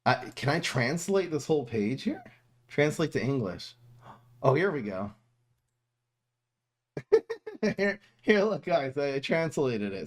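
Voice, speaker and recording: A man's voice: fairly high pitch, slow, long pauses. Chatty laughing male streamer. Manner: chatty and animated, laughs often, stumbles and restarts. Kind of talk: casual commentary reviewing viewer messages.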